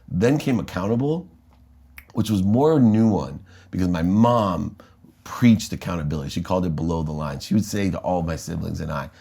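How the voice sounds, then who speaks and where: An American man, a guest in an interview, telling an animated story about his life and acting out the dialogue. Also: deep voice, a little fast, husky. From United States.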